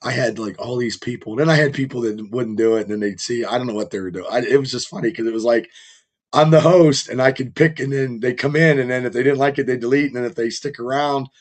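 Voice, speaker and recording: Rough-voiced man telling rambling stories. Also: mid-range voice, fast talker. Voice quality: rough, strained voice. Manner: rambling storyteller, heavy swearing. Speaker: podcast host. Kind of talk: casual podcast chat.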